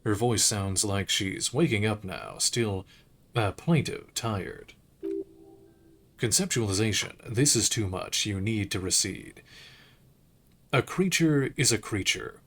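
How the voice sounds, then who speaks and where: A man streaming a game, reading its narration aloud in a measured, unhurried way with occasional slips. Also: lowish voice, creaky, fairly bright tone.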